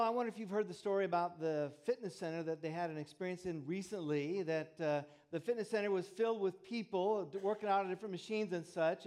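High-voiced man telling a sermon story. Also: a little mellow. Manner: folksy, conversational storytelling. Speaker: pastor.

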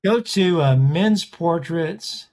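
A man's voice: fairly high pitch, expressive, slow pace, darkish tone. A man, a portrait artist, chatting casually in an interview and rambling through stories with frequent restarts. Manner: rambling, self-correcting storyteller.

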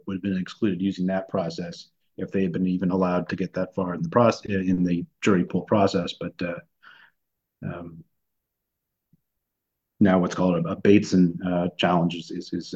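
A lower-pitched man who co-hosts a podcast and talks through his points in a halting, thoughtful way. He restarts his phrases and fills pauses often. The recording is muffled and lo-fi. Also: darkish tone, husky. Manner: hesitant, many restarts and fillers. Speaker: podcast co-host. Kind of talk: conversational discussion. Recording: dull lo-fi recording.

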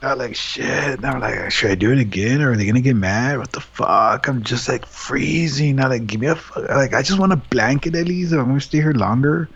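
A young man casually telling a story in profane, animated language, acting out what he said back then. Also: mid-range voice, a little fast, gravelly, hardly any pauses, breathy edge. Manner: profane, animated retelling with quoted asides. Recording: dull lo-fi audio.

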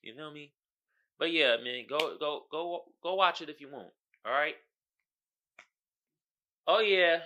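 A man's voice: a little high, takes it slowly, pauses often, bright, forceful tone, highs cut off, slight background noise. A man hosting his own podcast, talking casually in slangy commentary and often asking "you feel me.". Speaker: podcast host.

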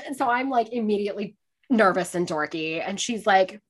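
A young woman telling a story in casual chat, animated, full of "like", often laughing and acting out what people said. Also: mid-range voice, normal speed, husky. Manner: animated, acts out quotes, laughs often, says "like" a lot.

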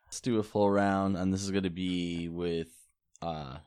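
A man with a very deep voice plays a tabletop game with friends. He reads out his dice results in a plain, matter-of-fact way. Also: fairly even intonation, unhurried, a little mellow, clean tone. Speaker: player.

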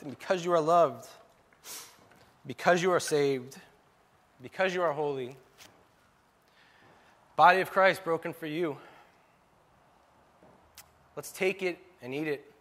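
This pastor's sermon is full of heartfelt, emotional stories and laughter. His fairly bright voice is on the high side, and he speaks a little slowly with frequent pauses.

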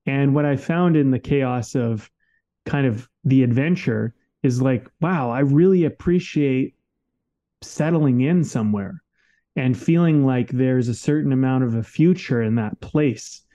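Mellow-voiced man, candid and emphatic. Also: mid-range voice, measured pace. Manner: candid, emphatic, swears freely. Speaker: podcast co-host. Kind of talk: casual conversation.

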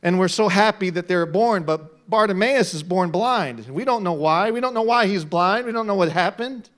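High, bright-voiced preaching pastor. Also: male voice, normal speed. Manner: preaching, swings from quiet to shouting. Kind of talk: sermon.

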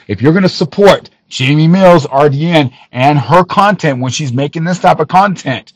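A man hosting a podcast, ranting in an angry callout with lots of swearing, missing some teeth, swinging from loud outbursts to low muttering. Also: moderate pace, hardly any pauses, no echo, rough recording. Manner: profane, heated, swings from shouting to low muttering. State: missing teeth, awaiting dental work. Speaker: podcast host.

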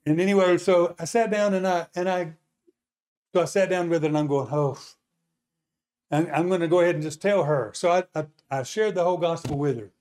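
A man preaching, telling a testimony story as an animated storyteller who asks his listeners questions. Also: high voice, fast talker.

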